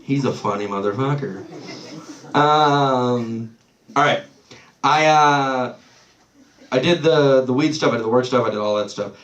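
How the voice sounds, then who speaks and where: A man's voice: mid-range voice, unhurried, pauses often, a bit bright, far from the mic. A man doing a live stand-up set in a small club, loose and swearing, losing his place and laughing it off. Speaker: stand-up comedian. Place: small comedy club stage. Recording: roomy club sound from off-mic.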